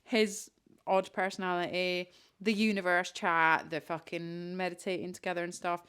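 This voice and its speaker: A woman's voice: fairly low pitch, little pitch movement, a bit bright, clean tone. Frank, sweary woman chatting. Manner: frank, sweary, quick to laugh. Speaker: podcast co-host. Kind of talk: casual chat.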